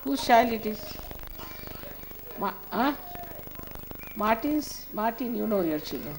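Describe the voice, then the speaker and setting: A woman's voice: fairly high pitch, very animated, measured pace, pauses often, slight background noise, rough recording. An older woman, a spiritual teacher, giving a spoken talk to a gathering in a motherly, scolding way, often repeating short commands.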